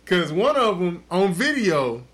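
A man with a high voice tells the story with crude, profane gusto. His pitch leaps all over the place as he goes, and he sounds loose and animated on an unscripted podcast. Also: a little slow. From Texas. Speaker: podcast host. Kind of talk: casual chat, storytelling.

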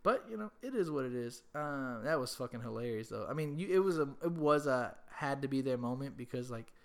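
A man's voice: mid-range voice, animated, brisk. A young man hosting a casual chat, rambling through a story with lots of swearing and repeated words.

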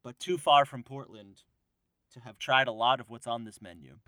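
A man's voice: medium pitch, fairly even intonation, moderate pace, bright, forceful tone, dry recording. A man co-hosting a podcast in casual chat, playfully reading out quiz questions. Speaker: podcast co-host.

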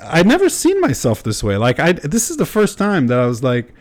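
A man's voice: fairly high pitch, wildly swooping pitch, fairly quick. A young man hosting a podcast, talking candidly in a rambling way, full of fillers and swearing. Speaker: podcast host. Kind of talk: casual podcast chat.

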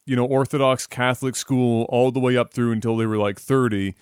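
A man co-hosting a podcast who riffs bluntly and jokes with his friend. He has a medium-pitched voice. The sound is dry, with no room echo. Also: steady tone, brisk, a little mellow, clean tone. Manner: joking, blunt, laughs often. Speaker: podcast co-host. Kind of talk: crude casual chat.

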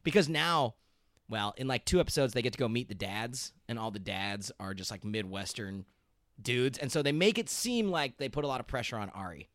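Male podcast co-host, mid pitch, chatty and casual, dry close sound. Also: brisk, no echo. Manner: chatty, animated recapping with frequent laughs. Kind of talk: casual chat.

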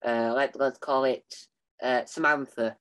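A young interviewer asks questions with eager enthusiasm. He keeps restarting and stumbling over words. His pitch sits in the middle range. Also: steady tone, a bit bright, clear, resonant tone. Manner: eager, halting, many restarts. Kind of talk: casual interview.

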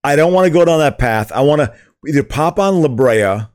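Man, podcast co-host, casual chat, loud and yelling, laughs often, swooping animated pitch. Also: fairly quick, clear, resonant tone, no echo, studio quality. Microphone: studio microphone.

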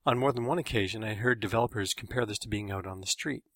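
A man's voice: lowish voice, quick pace, no echo, clean studio sound. A man reading his own story in wry, matter-of-fact first-person narration.

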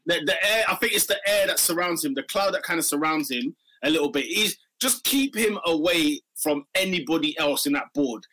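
Slangy lad, high bright voice. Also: male voice, animated, brisk, few pauses, poor audio. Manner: mock announcer flourishes, slangy. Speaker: podcast co-host. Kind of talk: casual football chat.

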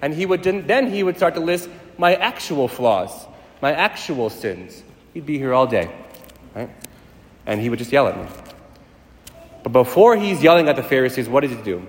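A man preaching a sermon as a priest, fast-talking and emphatic, building to intense passages. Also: mid-range voice, very animated. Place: large church hall. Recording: echoey church hall with long reverb.

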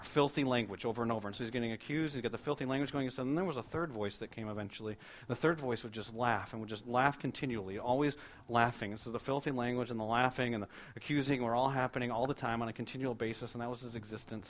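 A male pastor preaching a sermon, telling a story fast and building to emphatic repeated lines. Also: medium pitch.

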